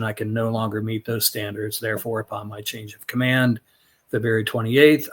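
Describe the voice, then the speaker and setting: A middle-aged man speaks as an interview guest, recounting his past frankly and without polish. He swears freely and slips into the voices of the people in his story as he quotes them. His pitch sits in an ordinary middle range for a man. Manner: blunt, profane, acts out both sides of quoted dialogue. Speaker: podcast guest, former Navy SEAL.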